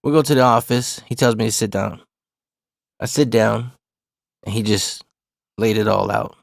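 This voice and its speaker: A man's voice: lowish voice, moderate pace, creaky, no room sound, clean studio sound. A man in his forties telling a personal story in laid-back, profane street talk. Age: 40s.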